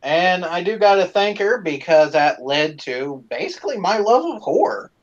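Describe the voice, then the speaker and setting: Profane, animated male stream host. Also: high voice, moderate pace, muffled recording. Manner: animated, profane, lots of fillers. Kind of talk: casual storytelling to fans.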